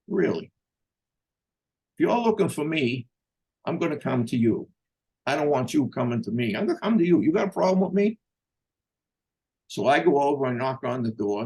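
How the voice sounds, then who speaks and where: With a medium-pitched, slightly mellow voice carrying vocal fry and a breathy edge, an older man casually recounts something from his own life. He's blunt and profane, mimicking whoever he quotes.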